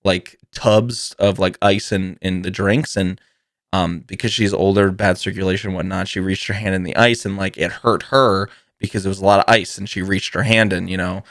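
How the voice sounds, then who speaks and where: A man's voice: low voice, flat delivery, normal speed, fairly bright tone, no room sound, clean studio sound. Profane, laughing male podcast storyteller. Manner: swears freely, laughs often, rambling. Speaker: podcast host. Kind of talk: casual comedic storytelling.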